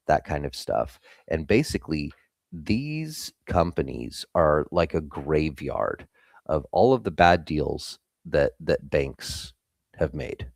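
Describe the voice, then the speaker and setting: A man's voice: very deep voice, a little mellow, no room sound, clean studio sound. A young man hosting a live trading stream, giving blunt, casual market commentary and swearing freely.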